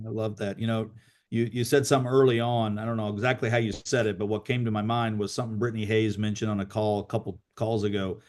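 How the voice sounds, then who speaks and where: A man's voice: fairly low pitch, level tone, quick pace, a little mellow. Man telling stories with restarts, on a call. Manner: storytelling, frequent restarts and repeated words. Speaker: host of a team call. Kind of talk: casual motivational talk on a group call.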